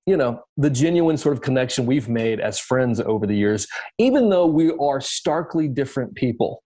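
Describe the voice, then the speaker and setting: A man's voice: mid-range voice, animated, moderate pace, dark tone. A man, a guest on a podcast, talking casually and reflectively about interviewing artists, with lots of fillers and restarts. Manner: reflective, rambling with many fillers.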